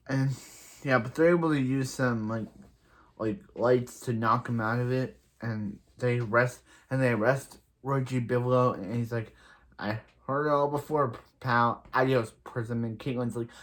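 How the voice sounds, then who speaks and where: A man recapping a TV episode in a casual, rambling way, with many restarts and filler words. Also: medium pitch. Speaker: show reviewer.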